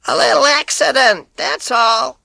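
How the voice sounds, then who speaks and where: A man doing a boy's shrill fake old-lady voice. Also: vocal fry, pushed and bright, dry recording, full character voice. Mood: flustered, bluffing. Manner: shrill, drawn-out calls. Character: boy faking an old woman's high voice.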